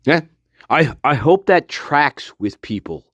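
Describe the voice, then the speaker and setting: High, animated man ranting and swearing. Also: takes it slowly, dry recording, clean studio sound. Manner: shouting, swearing, mocking. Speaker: online commentator. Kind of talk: ranting commentary.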